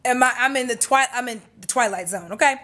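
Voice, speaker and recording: A woman's voice: fairly high pitch, fast talker, bright, forceful tone. A young adult woman vlogger telling a dramatic, profane storytime in casual chat.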